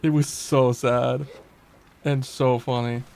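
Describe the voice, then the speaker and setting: A man's voice: mid-range voice, fairly even intonation, slow pace, gravelly, darkish tone. Chatty swearing man streaming a game. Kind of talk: casual gameplay commentary.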